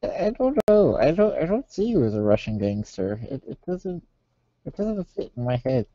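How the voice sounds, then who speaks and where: A man co-hosting a casual comedy podcast, halting and stammering, repeating words as he teases his co-host. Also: medium pitch, very animated, mellow, dry recording. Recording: dull, lo-fi, dry podcast audio.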